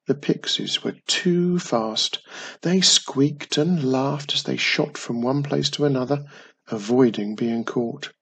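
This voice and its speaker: Man reading a kids story, slow, raspy gravelly voice. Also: mid-range voice. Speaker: narrator. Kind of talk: scripted storybook narration.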